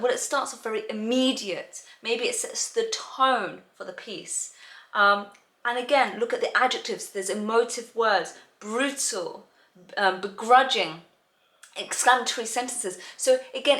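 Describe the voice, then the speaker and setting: A woman's voice: on the high side, a bit bright. A woman tutor explaining to parents how to prepare children for reading exams, talking in a chatty way full of "um" and "you know". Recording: roomy echo.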